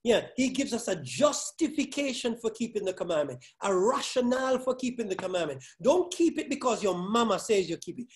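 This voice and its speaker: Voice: mid-range voice, lively intonation. A pastor giving a sermon, hammering key words over and over and firing questions at the congregation. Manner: halting restarts, then building force.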